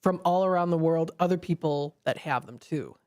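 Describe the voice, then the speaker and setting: A man's voice: fairly high pitch, moderate pace, darkish tone, clear, resonant tone. A man in a casual radio studio chat, easygoing, mostly answering with short agreeable replies. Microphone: studio microphone.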